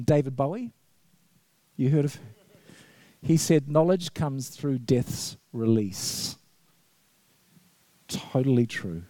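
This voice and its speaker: With a fairly high, mellow voice and no room sound, a middle-aged vicar delivers a chatty church sermon packed with anecdotes. He laughs frequently and performs the quotes he tells.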